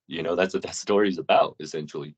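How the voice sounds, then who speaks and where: A man's voice: sits low, fairly even intonation, fast. A man co-hosting a casual podcast, telling stories in a loose way with plenty of swearing. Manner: loose, profane storytelling. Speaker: podcast co-host. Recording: dull lo-fi audio.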